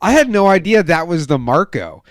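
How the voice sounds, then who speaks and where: A young man on a casual podcast, telling a heated story full of swearing and acting out quoted lines loudly. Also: normal speed, dry recording, studio quality. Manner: profane, animated storytelling, acts out quotes with loud raised pitch. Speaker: podcast co-host.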